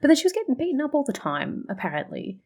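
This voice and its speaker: A woman's voice: high-pitched, huge pitch swings, fast talker, darkish tone. A woman hosting a reaction video, chatting casually, swearing freely and rambling through her thoughts. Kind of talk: casual chat reacting to a show.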